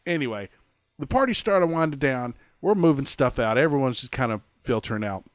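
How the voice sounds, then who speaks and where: A man's voice: mid-range voice, expressive, brisk, no room sound. A man co-hosting a podcast, telling a funny story in casual chat and laughing often. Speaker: podcast co-host.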